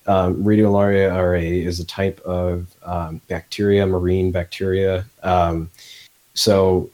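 A man with a Midwestern accent hosting a casual podcast chat, talking with many fillers and pauses. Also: sits low, flat delivery, darkish tone. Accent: Midwestern American. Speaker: podcast host.

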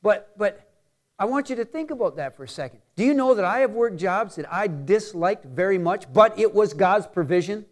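A middle-aged man preaching a sermon as a pastor. He swings between loud emphatic lines and quiet asides, and he reads scripture slowly for emphasis. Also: sits high, animated.

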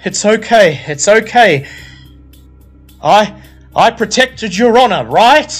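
A man doing a deadpan young tough guy. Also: sits high, takes it slowly, soft background music, voice pushed up, heavily acted. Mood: flat comforting. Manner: flat, deadpan. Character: young male thin-blood, laid-back and deadpan.

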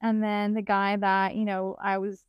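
A woman's voice: medium pitch, completely flat delivery, normal speed, smooth, no echo. A young woman hosting a casual podcast chat with a friend, telling stories animatedly, quoting herself and her friend, with frequent laughter. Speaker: podcast host. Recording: dull lo-fi sound.

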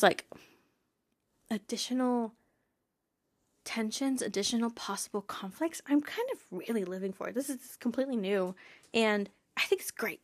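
Excitable young woman, dry sound. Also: mid-range voice, no echo. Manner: enthusiastic, laughs often. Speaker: podcast host. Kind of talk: casual chat.

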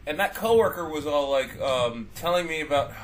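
A man's voice: fairly high pitch, expressive, moderate pace, background noise. A man co-hosting a casual podcast chat, rambling with lots of fillers and restarts. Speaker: podcast co-host.

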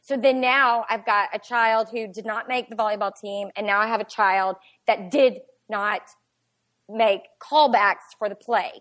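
A woman, telling a family story in a chatty, animated podcast conversation. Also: medium pitch, a little slow. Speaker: podcast guest. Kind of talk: casual storytelling chat.

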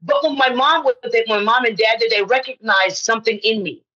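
Bright, husky woman telling lively stories. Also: fairly high pitch, fairly quick, dull audio. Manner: animated storyteller who acts out quoted voices. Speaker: podcast guest, actress. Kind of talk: personal storytelling in conversation.

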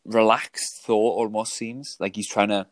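A man's voice: lowish voice, level tone, a little slow, no echo. A man co-hosting a podcast, reviewing films in casual chat, thoughtful and hesitant with many fillers. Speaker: podcast co-host.

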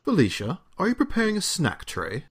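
A man voicing a stern, condescending male butler in a deliberately bad British accent, reading from a game script. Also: fairly high pitch, huge pitch swings, slightly rough, voice pushed up, exaggerated voice. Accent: bad put-on British. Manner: curt, scolding, condescending. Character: stern prim male butler, former noble.

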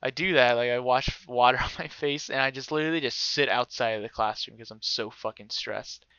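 Bright, crisp-voiced young man telling a story. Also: mid-range voice, fairly quick, dry recording, dull audio. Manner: animated, swears freely, acts out voices of others. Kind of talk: casual storytelling.

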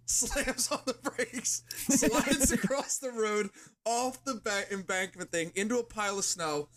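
A man's voice: sits high, moderate pace, fairly bright tone. A man co-hosting a podcast, telling a rambling story in casual chat. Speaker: podcast co-host.

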